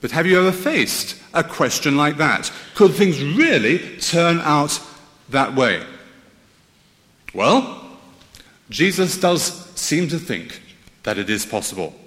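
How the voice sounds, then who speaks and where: Male preacher, animated and wry, church-hall reverb. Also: fairly high pitch, slow, long pauses. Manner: lively, wry storytelling with rhetorical questions. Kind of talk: sermon.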